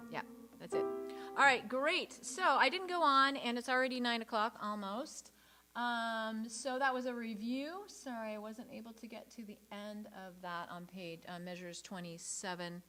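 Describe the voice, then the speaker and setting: With a fairly high pitch and a sharp tone, a woman runs a choir rehearsal at normal speed. She counts beats, sings parts to show the singers, and remains encouraging and patient; a piano sits behind her in the room.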